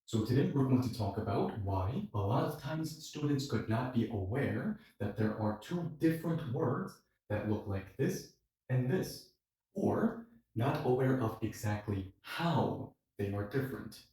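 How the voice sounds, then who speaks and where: A man teaching a language lesson online, explaining step by step and acting out short quoted exchanges with lively shifts in his voice. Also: mid-range voice, a little slow. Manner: animated, acts out quoted dialogue. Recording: very echoey room, voice from a distance.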